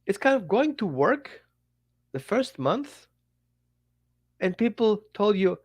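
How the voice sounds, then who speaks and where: Animated, blunt dog trainer on a podcast. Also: mid-range voice, slow, pauses often. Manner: animated and blunt, acts out little dialogues. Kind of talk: podcast monologue.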